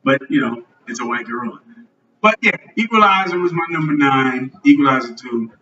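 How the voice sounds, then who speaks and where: A man hosting a live podcast on a club stage, joking loudly and swearing a lot. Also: medium pitch, lively intonation, brisk, a little hiss or hum. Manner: loud, profane, joking. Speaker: podcast host. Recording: roomy lo-fi live venue recording from a distance.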